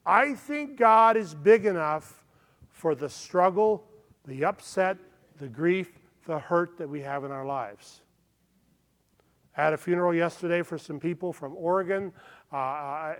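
A man pastor preaching a sermon in an earnest manner, often checking in with his listeners. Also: a little high. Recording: long hall reverb.

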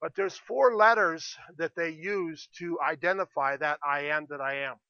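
A man's voice: fairly high pitch, normal speed, pushed and bright, dry recording, highs cut off. A man preaching a sermon as pastor, earnest and checking in with the congregation, with a slightly sore throat. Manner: earnest, repeats "okay?" to the congregation.

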